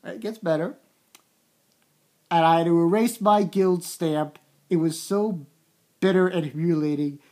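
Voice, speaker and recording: A woman with a fairly low voice talks through a comic chapter in a loose, casual review. She gets excitable, repeats words and slips into quoted lines from the story.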